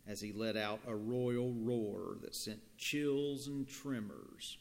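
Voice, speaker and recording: Male pastor, sermon storytelling, slow pace, gravelly voice, long church reverb. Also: mid-range voice, slight background noise. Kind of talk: sermon with scripture reading and storytelling.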